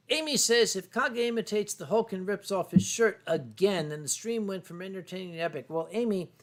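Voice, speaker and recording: An American man hosting a casual livestream, reading chat messages aloud with boisterous, swearing banter. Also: sits high. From North Carolina. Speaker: stream host.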